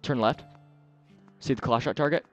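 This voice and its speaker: A man's voice: mid-range voice, fairly bright tone, highs cut off, faint music behind. A man hosting a let's play, chatting and telling the player where to go, on a headset mic. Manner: directs the player, chatty and quick to laugh. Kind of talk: casual gameplay commentary.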